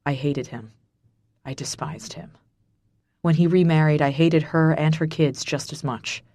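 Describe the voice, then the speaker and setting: A woman narrator voicing a brooding mafia boss with a low, gravelly voice, in an audiobook. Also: steady tone, measured pace, dry recording, clean studio sound. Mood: bitter. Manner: quiet, clipped, bitter.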